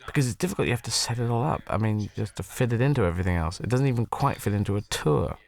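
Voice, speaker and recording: A man's voice: mid-range voice, fast talker, vocal fry. A man with an English accent talking reflectively in an interview, rambling and self-deprecating, restarting his thoughts. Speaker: comedian interviewee.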